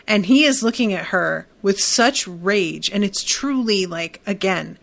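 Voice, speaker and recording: A woman's voice: fairly low pitch, measured pace, vocal fry, hardly any pauses, fairly bright tone. A woman hosting a podcast, giving a candid, emphatic, casual recap of a TV episode with lots of fillers. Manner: candid and emphatic, with frequent fillers and some swearing. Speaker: podcast host.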